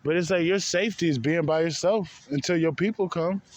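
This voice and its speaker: A man's voice: a little high, brisk. A man ranting to his viewers in a heated, profane, repetitive way, calling them bro again and again. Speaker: spiritual vlogger. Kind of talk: casual rant to camera.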